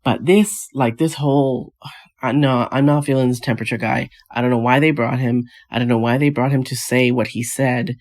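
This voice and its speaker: A woman's voice: rumbling low, steady tone, moderate pace, darkish tone. A woman hosting a casual vlog. She rants with exasperated, scoffing rhetorical questions and rambles with frequent restarts. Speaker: vlog host. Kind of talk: casual reality TV recap commentary.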